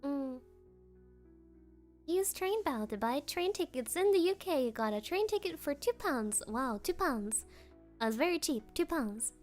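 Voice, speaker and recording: Giggly high-voiced woman streamer. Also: sing-song, unhurried, darkish tone, faint music behind. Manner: giggly, chatty, reads chat aloud. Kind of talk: casual chat with chat readers.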